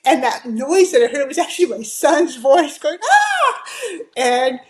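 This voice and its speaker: A woman's voice: sits high, normal speed, darkish tone, rough recording. Chatty woman telling a hiking story. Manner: chatty, full of fillers and quoted dialogue. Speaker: podcast guest. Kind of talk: casual storytelling.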